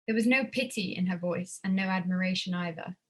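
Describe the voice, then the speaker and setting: A woman reading her own prose at a literary evening, measured with a wry tone. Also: on the low side. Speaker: student writer reading her work.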